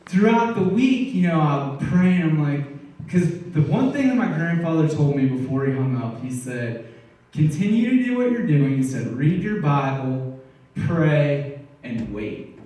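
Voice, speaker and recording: Excitable young man testifying in echoey church. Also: on the high side, unhurried, distant mic. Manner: storytelling, acting out conversations in quotes; earnest, excitable, laughing often. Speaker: church member giving testimony. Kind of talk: personal testimony in a church service. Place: church sanctuary.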